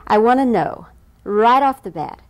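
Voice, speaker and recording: A woman's voice: on the high side, lively intonation, a little slow. A woman interviewer asking eager, chatty questions in an entertainment interview.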